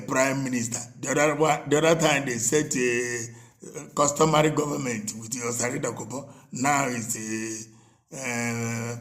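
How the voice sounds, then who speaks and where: A man giving a mocking, repetitive political rant, stammering at times and slipping into Igbo. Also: mid-range voice. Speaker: political commentator. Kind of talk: ranting commentary.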